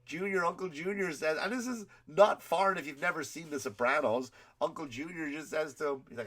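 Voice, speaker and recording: A man's voice: on the high side, fairly quick, few pauses, a bit bright. Profane man ranting, with a cold. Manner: rambling, profane, laughing at his own stories. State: has a cold. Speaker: comedian and podcast host. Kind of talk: comedic rant.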